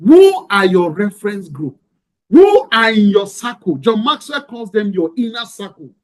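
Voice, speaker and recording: Brief: emphatic male motivational speaker, high voice, preaching style. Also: big pitch swings, unhurried. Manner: preaching, rhetorical questions, emphatic. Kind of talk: motivational lecture with a story.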